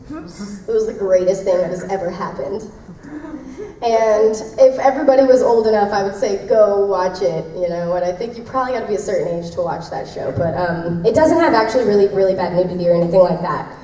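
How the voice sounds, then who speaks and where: Bubbly young woman voice actress on a convention panel; rambly and giggly, slightly high voice, recorded from afar in an echoey room. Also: a little mellow. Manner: bubbly, laughing, rambling with many fillers. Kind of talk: convention Q&A answers. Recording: echoey convention room, distant, faint noise.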